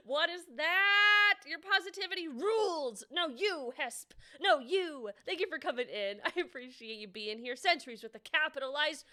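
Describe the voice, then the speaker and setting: Bubbly high nasal woman streamer. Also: expressive, normal speed, hardly any pauses. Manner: bubbly, greets chatters warmly by name. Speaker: livestreamer. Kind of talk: casual livestream chat.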